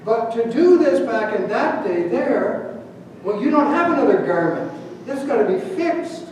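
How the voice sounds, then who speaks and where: A man's voice: very high voice, expressive, unhurried, a little mellow. A man, a pastor, giving a sermon from Canada, telling stories and asking the congregation questions. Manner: storytelling, asks the congregation questions. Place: church sanctuary. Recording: echoey hall from far off, faint hum.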